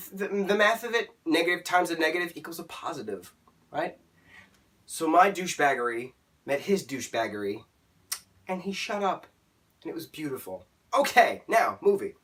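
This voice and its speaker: A man's voice: on the high side, bright, forceful tone, far from the mic. A young man telling an exasperated story as a movie reviewer in a ranting vlog.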